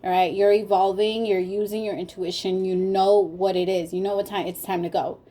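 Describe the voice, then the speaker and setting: Warm-voiced woman giving a tarot reading. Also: medium pitch, flat delivery, moderate pace, slight background noise. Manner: emotional, talks straight to viewers. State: tearful. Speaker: tarot reader. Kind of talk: casual spoken tarot reading.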